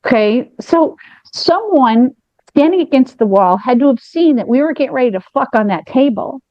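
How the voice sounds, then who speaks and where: A woman with a fairly high voice tells a long personal story on a podcast, animated and rambling, often restarting her sentences. The sound is dry and a little dull, like a lo-fi home recording. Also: moderate pace, dry recording. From United States. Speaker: podcast co-host. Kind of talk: candid storytelling chat.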